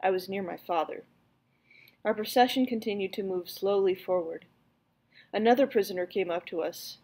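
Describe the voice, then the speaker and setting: A woman teacher reading a book aloud for her students, raising her voice for the dialogue. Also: moderate pace. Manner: reads dialogue louder and higher.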